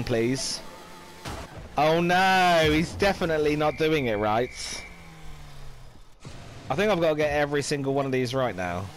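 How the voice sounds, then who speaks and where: Northern English male gamer host, slow, chatty, lively swoops in pitch, faint music behind. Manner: chatty, playful, exclaims and sings little phrases. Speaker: gaming video host. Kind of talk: casual gameplay commentary.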